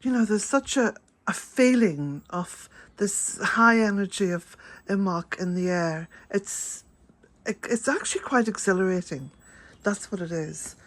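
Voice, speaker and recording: An older woman, chatting to camera in a gentle, rambling way and chuckling often. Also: mid-range voice, lively intonation, unhurried. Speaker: vlogger. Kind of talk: casual chat to camera.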